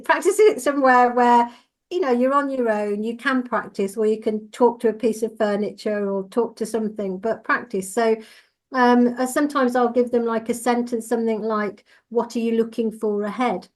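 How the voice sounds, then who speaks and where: A woman who trains driving instructors, talking in a measured, reassuring and explanatory way in a casual podcast discussion. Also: a little high.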